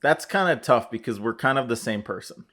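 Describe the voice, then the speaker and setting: This is a podcast co-host chatting with friends, a man whose voice swoops up and down as he tells a story. He acts out the people he quotes in a much higher voice and laughs through his own punchlines. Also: expressive, a little fast, a bit bright. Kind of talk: casual chat.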